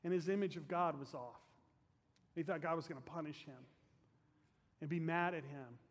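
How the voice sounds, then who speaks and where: Man, pastor, fervent sermon, fairly high voice, long hall reverb. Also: normal speed. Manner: earnest, fervent, drops soft at phrase ends. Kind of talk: storytelling sermon closing in prayer.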